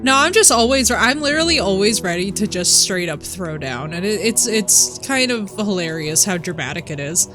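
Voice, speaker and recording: A woman's voice: mid-range voice, lively intonation, normal speed, few pauses. A young woman streaming a game, chatting casually and trash-talking with a playful, brash manner. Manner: brash, playful trash talk with frequent laughs. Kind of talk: casual gaming stream chat. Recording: game music playing behind.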